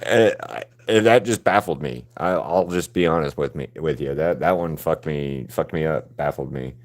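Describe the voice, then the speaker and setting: Low-voiced man rambling on a livestream. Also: moderate pace. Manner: rambling, laid-back and profane. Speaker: artist streaming live while painting. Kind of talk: casual livestream chat with viewers.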